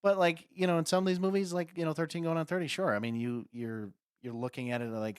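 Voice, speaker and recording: A man's voice: mid-range voice, fast, dry recording, studio quality. A man co-hosting a casual podcast chat, swearing freely and laughing often as he riffs. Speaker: podcast co-host.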